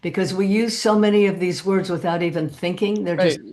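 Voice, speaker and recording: A man's voice: high-pitched, brisk, a little mellow. A man interviewing a guest, encouraging her with friendly questions. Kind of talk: conversational interview.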